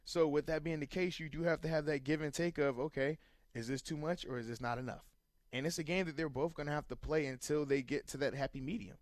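A man's voice: a little high, fairly even intonation, fast, dry recording, clean studio sound. A man who once played football, co-hosting a sports radio show and giving emphatic, plain-spoken analysis. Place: radio studio. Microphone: studio microphone.

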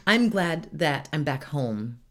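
Chatty woman with quick reactions. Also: sits low, sing-song, fairly bright tone. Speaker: podcast co-host. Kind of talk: casual chat.

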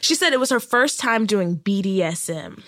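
A woman hosting a comedy podcast, brash and profane, her pitch swinging widely as she tells a story. Her voice is bright and a little higher than average. The sound is dry and close, with no room around it. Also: normal speed, no room sound. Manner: animated, brash, profane, laughs often. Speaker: podcast host. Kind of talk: comedic casual chat, storytelling.

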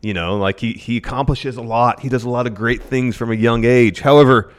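A man's voice: mid-range voice, steady tone, brisk. A man co-hosting a casual wrestling podcast, musing aloud and rambling with restarts. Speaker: podcast co-host.

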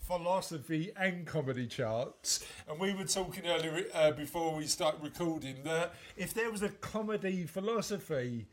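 A man's voice: on the high side, lively intonation, normal speed, few pauses. A man hosting a podcast in a casual, rambling chat full of fillers and restarts. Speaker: podcast host.

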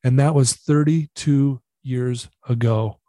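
A middle-aged man recounting a personal story as an interview guest, earnest and animated, acting out the dialogue. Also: medium pitch, slow, dry recording, clean studio sound.

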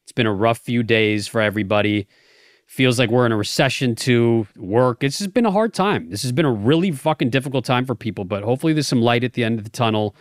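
A man's voice: mid-range voice, fast talker, no echo, clean studio sound. A man co-hosting a podcast, teasing his partner in profane, mock-serious banter. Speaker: podcast co-host.

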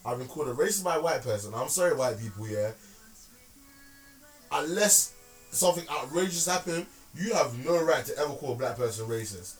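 A man co-hosting a podcast, telling stories in slangy, animated casual chat with lots of restarts. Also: mid-range voice, fairly quick, distant mic, soft background music. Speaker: podcast co-host.

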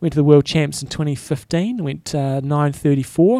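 Gravelly man in relaxed podcast chat. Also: a little high, a little fast, hardly any pauses, dry recording, clean studio sound. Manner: rambling, relaxed, frequent restarts. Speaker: podcast co-host. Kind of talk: casual chat.

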